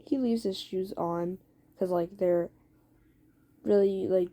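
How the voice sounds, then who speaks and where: A woman's voice: mid-range voice, steady tone, takes it slowly, dark tone. Rambling woman telling a fan story. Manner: rambling, filler-heavy, with casual swearing. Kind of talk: casual second-person fan story told aloud.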